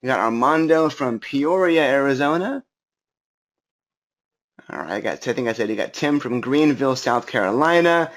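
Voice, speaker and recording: A man's voice: mid-range voice, animated, normal speed. An upbeat, chatty man, coaching a live webinar question-and-answer session over a computer mic, with many fillers. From Southern California.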